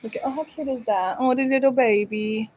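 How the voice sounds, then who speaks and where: A woman's voice: on the high side, fairly even intonation, fairly quick, darkish tone. A woman travel agent hosting a casual live stream from a beach resort, chatty and rambling, laughing often.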